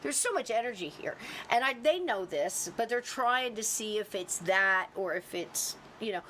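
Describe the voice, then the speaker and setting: A woman hosts a casual podcast chat, telling a story and bringing the people in it to life with quick voices. Her pitch sits in the middle range. A faint hiss runs under the recording. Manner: animated, acts out quoted people. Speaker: podcast host.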